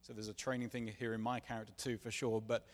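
A man's voice: lowish voice, flat delivery, quick pace. A man telling his personal testimony in a sermon, earnest and confessional, acting out the dialogue as he tells it. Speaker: preacher. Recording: long reverb of a large hall.

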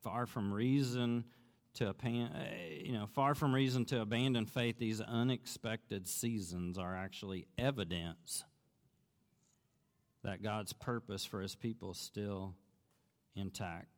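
A man's voice: on the low side, unhurried. Man preaching a sermon in a reverberant hall. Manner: earnest, conversational storytelling that grows animated in retelling. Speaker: pastor. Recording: long reverb of a large hall.

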